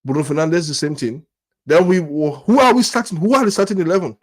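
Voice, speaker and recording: A man with a somewhat high voice pours out his frustration as a fan-channel host. He stammers, restarts phrases and piles up rhetorical questions, sounding angry and let down throughout. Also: fairly quick, a little mellow. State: angry and disappointed. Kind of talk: frustrated fan rant to camera.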